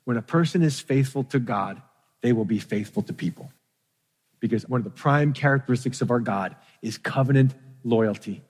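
A man's voice: medium pitch, normal speed, darkish tone, slightly rough. A man preaching a sermon, telling a story dramatically with rising emphasis. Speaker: pastor. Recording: long hall reverb.

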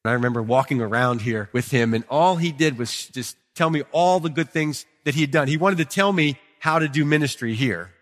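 A male pastor preaching a sermon in a church, chatting with the congregation, swinging from quiet asides to emphatic peaks. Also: medium pitch, fairly quick, few pauses. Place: church sanctuary. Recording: long reverb of a hall.

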